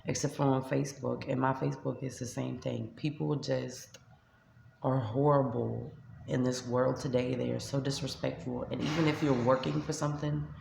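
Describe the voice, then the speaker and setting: A woman's voice: a bass voice, steady tone, moderate pace, vocal fry, a little mellow, echoey room, a little hiss or hum. A woman with a New York accent, a shelter resident venting to camera in a vlog, upset and tearful as she retells an argument. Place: shelter room by a street window.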